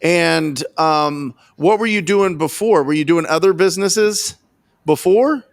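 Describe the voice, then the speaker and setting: A man's voice: fairly high pitch, unhurried, vocal fry, dry recording. A man hosting a coaching interview, enthusiastic and full of praise as he asks probing questions. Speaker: podcast host.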